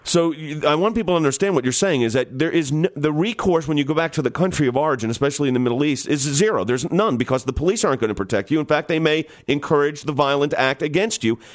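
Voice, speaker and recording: A man's voice: on the high side, animated, fast, few pauses. A man hosting a radio call-in talk show, making urgent, emphatic appeals to his listeners.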